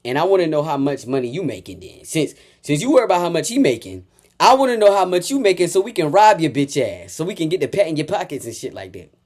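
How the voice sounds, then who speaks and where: A man giving a heated, profane reaction rant, taunting and repeating insults, swinging from low mutters to loud outbursts. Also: very animated, fast. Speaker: reaction commentator.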